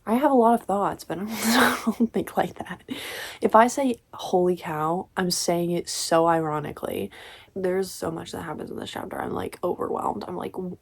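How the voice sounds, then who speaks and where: A young woman reviewing a novel in a casual vlog, sarcastic and exasperated, slipping into quiet whispered asides. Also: lowish voice, expressive, moderate pace, gravelly, breathy edge. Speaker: book reviewer.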